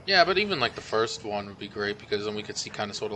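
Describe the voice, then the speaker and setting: A man's voice: on the low side, big pitch swings, fast talker, noisy background. A man streaming a co-op game, chatting casually and rambling with lots of fillers. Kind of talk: casual gameplay chat. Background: game music.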